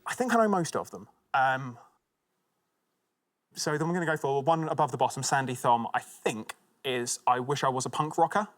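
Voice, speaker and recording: A man's voice: mid-range voice, moderate pace. A man from Essex chatting as a quiz contestant, matter-of-fact and a little hesitant. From Essex, England. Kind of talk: casual chat. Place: TV studio.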